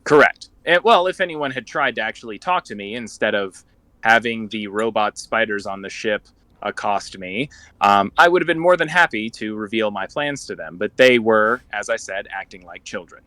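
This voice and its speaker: Young guy playing a tabletop rpg, proper and measured, bright tone, dry sound. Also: on the low side, lively intonation, dry recording, low-quality recording. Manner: formal, measured, condescending in character. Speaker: tabletop game player. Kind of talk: in-character tabletop role-play.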